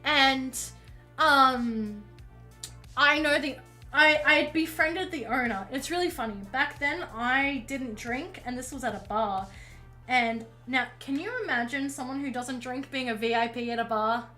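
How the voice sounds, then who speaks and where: Bright-voiced woman streamer telling a story. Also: high-pitched, unhurried, soft background music. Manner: chatty, swears freely, lively and animated in quoted dialogue. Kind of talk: casual storytelling while painting on stream.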